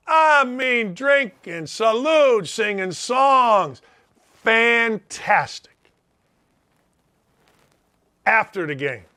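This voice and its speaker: Blunt, riled-up sports talk host. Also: male voice, high voice, pushed and bright. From Indianapolis, United States. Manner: blunt, riled-up, folksy slang. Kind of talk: opinionated sports radio monologue.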